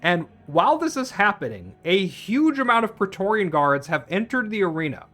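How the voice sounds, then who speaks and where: Sitting high in pitch with big swings, this man talks at a normal speed in a fairly bright tone over faint music. He's a film reviewer retelling a plot casually, swearing, restarting, and wandering into tangents.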